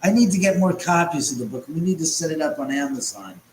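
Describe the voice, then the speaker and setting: A man's voice: fairly high pitch, very animated, fast talker, darkish tone, reverberant, a little hiss or hum, poor audio. A man hosting a casual livestream chat from home, rambling and sarcastic and swearing often. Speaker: livestream host.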